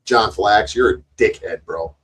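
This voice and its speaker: A man's voice: on the low side, measured pace, crowd noise. A man giving casual, sarcastic commentary on a video, mocking the people in it and swearing freely. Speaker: co-host reacting to a video.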